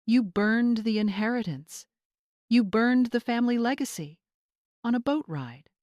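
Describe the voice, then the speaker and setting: A woman's voice: lively intonation, measured pace, no echo, studio quality. A woman voicing a demanding adult son who talks sharply in a raised voice, in a storybook reading. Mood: despairing. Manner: sharp, demanding, higher and louder than the narration. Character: angry adult son, grown man.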